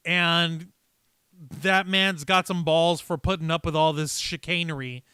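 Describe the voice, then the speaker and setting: A man hosting a casual livestream, talking in a loose, energetic way and swearing freely. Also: on the high side, measured pace, smooth, no echo. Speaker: host.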